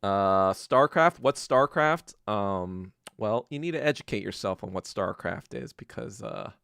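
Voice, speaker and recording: A man hosting a podcast in a casual, profane rant that swings between low muttering and loud outbursts. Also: expressive, a little slow, gravelly, clear, resonant tone, dry recording, clean studio sound. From Korea. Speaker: podcast host. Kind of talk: casual ranting monologue.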